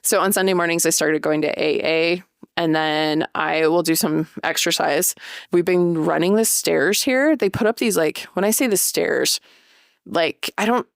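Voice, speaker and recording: A woman in her thirties hosting a casual solo podcast, chatty and animated, acting out little quoted voices. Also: lowish voice, moderate pace, vocal fry, no echo, studio quality. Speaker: podcast host.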